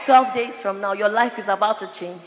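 A woman preaching a sermon at a church prayer service, often shouting as she preaches. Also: mid-range voice, normal speed, noisy background. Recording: echoey church hall.

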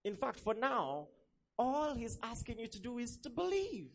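A man's voice: extremely high pitch, moderate pace, gravelly. A young man preaching a sermon, telling stories and acting out the voices of the people in them. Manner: animated storytelling, acts out quoted voices.

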